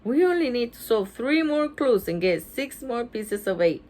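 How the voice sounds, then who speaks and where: A woman's voice: a little high, sing-song, moderate pace, darkish tone, a little hiss or hum, pitched above the performer's own voice. A woman voicing a whiny, restless young boy in a storybook. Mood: excited.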